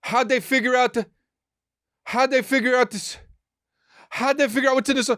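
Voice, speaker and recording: A man hosting a podcast, riffing in a rambling comic monologue, excitable and profane, with quick acted asides. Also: very high voice, no room sound, clean studio sound. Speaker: podcast host.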